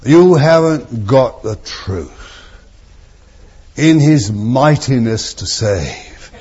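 Male preacher, unhurried and fervent, rising and falling in volume; muffled lo-fi recording. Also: medium pitch, lively intonation, breathy edge. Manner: fervent, swinging from soft to loud, drawn-out phrases. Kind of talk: sermon.

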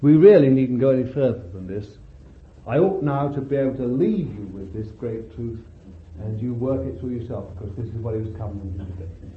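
A man preaching a sermon with fervor, calling out hallelujahs and swinging between loud bursts and hushed words. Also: mid-range voice, expressive, slight background noise. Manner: slow deliberate delivery, stretching key words. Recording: echoey hall, tinny lo-fi sound.

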